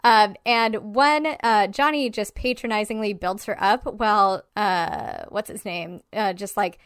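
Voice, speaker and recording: A woman's voice: medium pitch, measured pace, clean tone, no room sound, clean studio sound. Blunt, swearing woman critiquing a film. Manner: blunt, swears freely, many "like" fillers, acts out quotes. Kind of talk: casual film critique chat.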